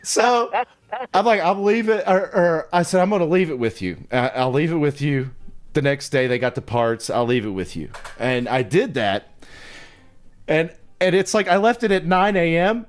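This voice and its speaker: Man, high-pitched, lively storyteller, curses freely, acts out dialogue. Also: normal speed. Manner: animated, profane, laughing storyteller acting out quotes. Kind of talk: casual storytelling.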